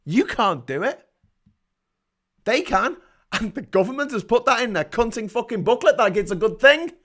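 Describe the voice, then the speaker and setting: A man's voice: extremely high pitch, big pitch swings, moderate pace, fairly bright tone. A middle-aged British man hosting a show, ranting angrily about politics with constant swearing and sarcastic mock voices. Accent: British English. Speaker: host of a livestream rant show. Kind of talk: angry political rant.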